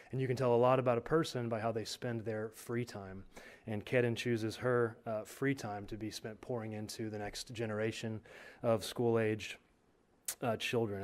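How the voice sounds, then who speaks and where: A man who is a pastor giving a steady, earnest public comment at a school board meeting. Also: fairly low pitch.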